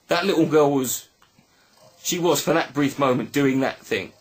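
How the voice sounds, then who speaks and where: A man telling a personal story in a reflective video monologue, halting and earnest with many restarts. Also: fairly high pitch, breathy edge. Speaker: video blogger.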